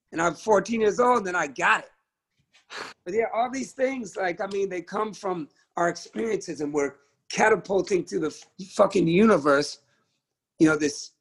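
Middle-aged male musician guest, husky and a touch high-pitched, speaks with fiery conviction and free swearing over a video call. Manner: passionate, emphatic, swears freely. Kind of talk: candid conversational interview.

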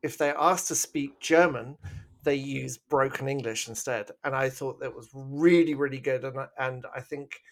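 A man's voice: medium pitch, steady tone, moderate pace. A man co-hosting a casual film review podcast, upbeat and teasing, laughing easily. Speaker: podcast co-host.

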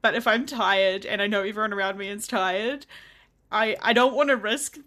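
A woman co-hosting a podcast in casual chat, telling lively stories with frequent laughter and swearing. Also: medium pitch, normal speed. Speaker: podcast co-host.

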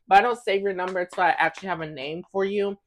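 A young woman hosting a casual podcast chat, brash and profane, flaring into loud bursts. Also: medium pitch, fairly even intonation, fast. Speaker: podcast host.

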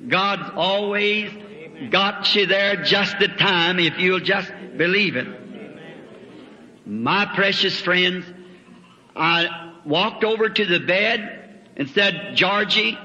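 Male preacher, high, very bright tone, folksy revival storytelling, dull old recording in a reverberant hall. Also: slow pace, pauses often. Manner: folksy storytelling with rural grammar. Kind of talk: revival sermon testimony.

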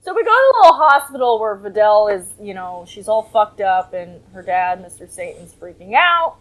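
A woman co-hosting a casual podcast, recapping a cartoon in an animated way and breaking into laughs. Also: medium pitch, normal speed, rough recording. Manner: animated, laughing, acts out characters in quotes. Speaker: podcast co-host.

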